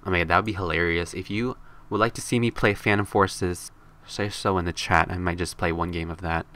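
Bright-voiced young male game streamer. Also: fairly even intonation, a little fast. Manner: playful, jokey, squeals high when scared in the game. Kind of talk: live game streaming commentary.

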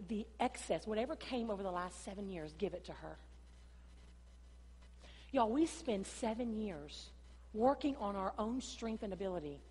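A woman's voice: medium pitch, darkish tone, breathy edge. Woman pastor preaching with long hall reverb. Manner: preaching with dramatic rises and drops, acting out dialogue. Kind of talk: sermon. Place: church sanctuary.

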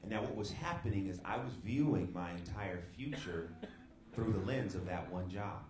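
A man's voice: sits low, lively intonation, moderate pace. A young adult man from the Bay Area preaching a sermon, telling a personal story with asides to the crowd at a live event. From San Francisco Bay Area. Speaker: youth speaker. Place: church hall, live event. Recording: roomy live room with background noise.

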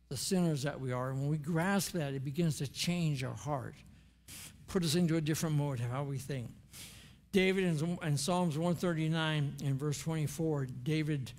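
A man's voice: on the high side, a little mellow. An older man preaching a sermon in a church, earnest and conversational, with prayers spoken aloud.

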